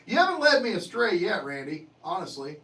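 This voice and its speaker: Reading viewer comments in casual chat, a male streamer jokes, curses and laughs often. His fairly high voice takes big pitch swings, and his delivery is fairly quick, pushed and bright. He comes across a bit distant from the microphone.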